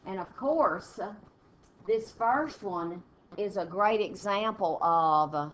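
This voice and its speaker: Reading example sentences aloud with pauses, this medium-pitched, expressive woman teacher guides students through test punctuation questions one step at a time in a prep lesson. It's a dull, lo-fi classroom recording carrying faint background noise.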